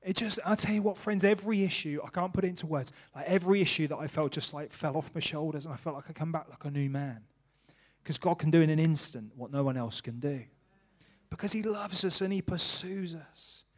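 A man preaching a sermon, tearful and emotional, swinging from hushed to loud. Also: high voice.

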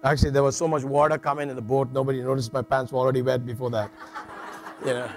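A man's voice: medium pitch, little pitch movement, quick pace, creaky. A middle-aged man preaching a sermon in a jokey, conversational way, often checking in with "all right" and restarting phrases.

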